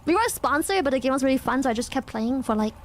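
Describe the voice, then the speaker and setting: A woman streamer chatting casually and explaining, in an excitable, bubbly manner. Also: high-pitched, fast talker, a little hiss or hum.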